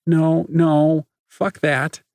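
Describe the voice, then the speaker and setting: A man voicing a stubborn, practical teenage girl in an audiobook, with a husky voice. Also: medium pitch, moderate pace, warm tone, no room sound, clean studio sound. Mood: forceful.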